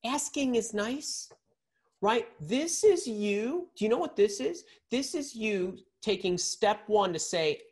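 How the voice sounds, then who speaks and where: A man giving a live leadership lesson to an audience as a career coach, energetic, with frequent repeated words and constant checks of "right?", swinging his pitch and loudness for emphasis. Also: unhurried, vocal fry.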